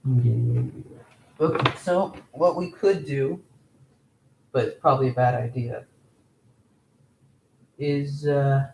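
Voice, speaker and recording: Profane joking man with gravelly voice. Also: fairly high pitch, slight background noise. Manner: profane, joking, talks to himself. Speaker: hobby watchmaker streaming. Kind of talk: casual live-stream commentary while working.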